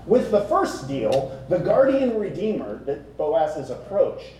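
A man preaching a sermon to a congregation, conversational and animated, often asking the room rhetorical questions. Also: a little high, moderate pace, few pauses, a little hiss or hum. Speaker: pastor. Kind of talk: expository sermon. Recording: very echoey room, speaker distant from mic.

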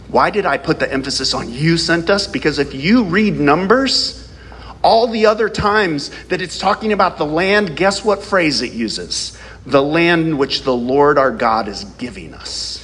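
A man's voice: on the high side, fairly bright tone, big-room sound, slight background noise. A male pastor preaching a sermon, reading scripture aloud and asking the congregation rhetorical questions.

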